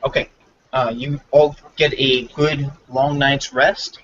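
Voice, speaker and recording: A man's voice: mid-range voice, flat delivery, takes it slowly, fairly bright tone, lo-fi sound, a little hiss or hum. A man running a tabletop game as game master, narrating loosely with lots of fillers.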